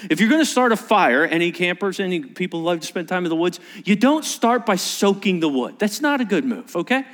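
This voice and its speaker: A male pastor preaching a sermon to a large live congregation, telling a story with animated energy and acting out its scenes. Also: high voice, fairly quick, hardly any pauses, in a large hall.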